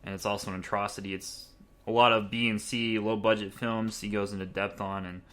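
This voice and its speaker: Young male podcast host, casual review, lively and rambling, slightly low and bright. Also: brisk. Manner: excitable, rambling, laughs often.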